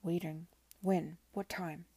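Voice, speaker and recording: A stern, worried gentleman read by a woman, curt and commanding. The voice is dark and gravelly, with a husky grain, recorded dry. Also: fairly low pitch, fairly even intonation, slow, dry recording, full character voice.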